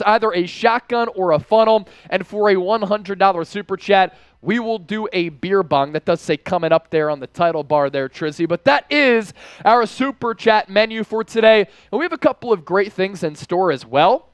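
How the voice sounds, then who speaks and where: A man hosts a live sports show with high, bright energy. His voice is smooth and resonant. He reads chat names and cities rapidly, with a dry, close mic sound. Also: dry recording. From from the Philadelphia area. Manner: energetic, shouts out viewers by name. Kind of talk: live-stream sports talk reading chat.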